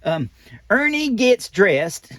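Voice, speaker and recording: A man's voice: sits high, sing-song, takes it slowly, dry recording, studio quality, exaggerated voice. Een praatgrage oude animatronic-pop, gespeeld door een man, leest een prentenboek voor en dwaalt steeds af met volkse opmerkingen. De stem is hoog en springt levendig op en neer. Droog en dichtbij opgenomen. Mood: chatty. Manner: folksy, rambling asides, loose grammar. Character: folksy old male animatronic doll storyteller. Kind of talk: reading a children's picture book aloud.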